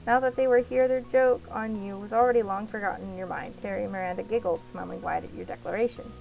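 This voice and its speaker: Woman narrating a game, slightly gravelly. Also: medium pitch, fairly even intonation, fast talker, hardly any pauses, darkish tone, faint music behind, low-quality recording. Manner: second-person narration, light slips. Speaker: let's play narrator. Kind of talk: reading a visual novel aloud.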